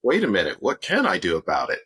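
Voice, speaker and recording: Bright-voiced man giving coaching advice. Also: low-pitched, wildly swooping pitch, fast talker, dry recording. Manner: upbeat, instructive, speaks in clear steps. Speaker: motivational speaker and author, guest.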